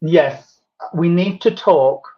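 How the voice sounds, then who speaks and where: Slow-talking man on a dull line. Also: a little high. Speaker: co-host, medium. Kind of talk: casual live-stream chat.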